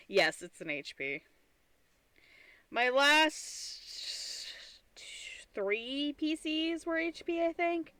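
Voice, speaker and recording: A woman's voice: high-pitched, expressive, extremely slow, long pauses, bright, forceful tone, no room sound. A tired woman streamer chatting casually and rambling, with frequent restarts and giggly asides. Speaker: streamer and artist. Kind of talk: casual live-stream chat.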